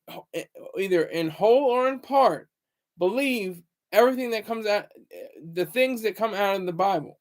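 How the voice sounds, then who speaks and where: A man hosting his own channel, talking in a loose, rambling monologue full of fillers and restarts. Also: very high-pitched. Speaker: channel host.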